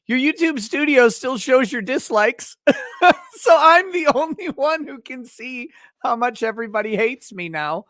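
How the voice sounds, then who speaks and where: A man's voice: very high voice, expressive, measured pace, fairly bright tone, no room sound, clean studio sound. A man hosting a live stream, reading viewer comments aloud and joking with guests. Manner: joking, laughs often, reads chat aloud. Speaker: livestream host.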